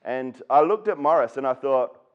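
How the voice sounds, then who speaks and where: Speaking at an education event, this Australian man from Western Australia shares a personal story with earnest feeling, voicing each person he quotes. His medium-pitched delivery is expressive and smooth at a moderate pace, though the audio sounds dull.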